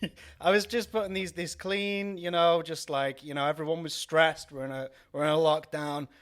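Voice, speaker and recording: A man's voice: on the high side, steady tone, normal speed, fairly bright tone. A young man from North Wales with a mixed, faintly Welsh accent, chatting casually on a podcast, rambling with many fillers and restarts. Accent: mixed, faintly Welsh with southern English traces. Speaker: podcast co-host. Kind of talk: casual chat.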